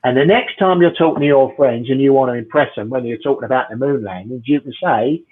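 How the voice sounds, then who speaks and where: Husky English comic on a tinny line. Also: male voice, mid-range voice, fast. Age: middle-aged. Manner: dry, rambling, self-mocking. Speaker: stand-up comedian. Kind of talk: stand-up routine over video call.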